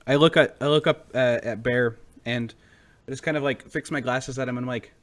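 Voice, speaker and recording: Man describing his character's moves haltingly. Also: medium pitch, fairly even intonation. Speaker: player. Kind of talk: tabletop game play.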